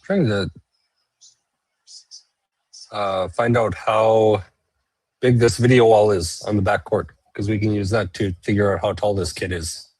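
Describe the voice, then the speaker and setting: A man's voice: fairly low pitch, fairly even intonation, measured pace, long pauses, darkish tone, dry recording, poor audio. A man co-hosting a live tennis watchalong, chatting casually and giving blunt, laid-back opinions. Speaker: watchalong co-host. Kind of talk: casual chat about tennis.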